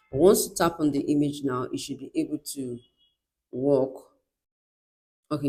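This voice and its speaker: A woman's voice: low voice, darkish tone. A woman giving a step-by-step screen tutorial in an instructive way, often checking in with "right?". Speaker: tutorial presenter.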